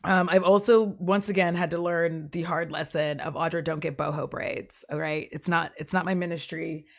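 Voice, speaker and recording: A woman talks casually to her stream viewers while sick, her voice pushed lower and rougher by a cough. She rambles from one thing to the next, laughing often and leaning on fillers. Her voice sits somewhat low for a woman. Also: fairly even intonation, moderate pace.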